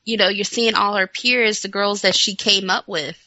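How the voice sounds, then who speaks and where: A woman's voice: mid-range voice, steady tone, moderate pace, pushed and bright, dry recording. A woman co-hosting a wrestling podcast in casual chat, enthusiastic and blunt, laughing often. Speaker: returning co-host. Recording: dull lo-fi sound.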